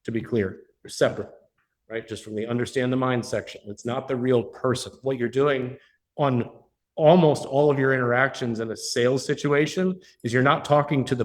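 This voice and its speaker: A man leading a live workshop as a business coach, talking bluntly with plenty of swearing and often checking in with the people in the room. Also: mid-range voice. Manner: blunt, profane, keeps checking in with the audience. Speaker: business coach hosting a mastermind. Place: meeting room with a live audience.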